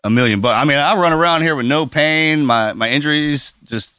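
A man's voice: a little high, brisk, sharp tone, clear, resonant tone, no room sound, clean studio sound. A man co-hosting a casual podcast, chatty and joking with the guest. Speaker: podcast co-host.

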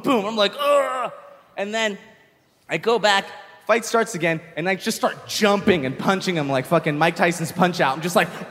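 Young guy doing stand-up, pretty high voice, shouty bits, big reverby hall. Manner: animated storytelling, shouting punchlines. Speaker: stand-up comedian. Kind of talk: stand-up comedy set. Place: comedy stage with live audience.

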